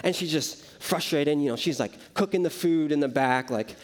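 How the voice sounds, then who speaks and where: A man's voice: fairly high pitch, normal speed, hardly any pauses. A young man preaching a casual sermon, telling the story conversationally with frequent asides to the listeners. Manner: conversational, many "like" and "right?" asides. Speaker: youth preacher.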